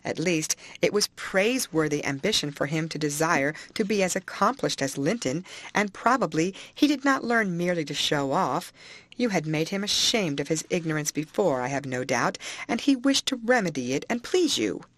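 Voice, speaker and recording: A woman narrating an audiobook plays an earnest older housekeeper from a classic novel, gently scolding a young girl. The voice is low and steady, close to the reader's own. It is recorded dry and close. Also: moderate pace, dry recording. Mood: reproving. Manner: earnest, reproving.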